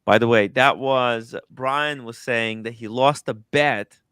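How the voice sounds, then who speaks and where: An excitable male streamer with a bright, forceful voice, talking in loose, swearing asides. The sound is dry and close, with no room around it. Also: medium pitch, takes it slowly, smooth, no room sound. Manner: excitable, swears, reacts loudly to a video. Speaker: streamer host. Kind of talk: casual live-stream commentary.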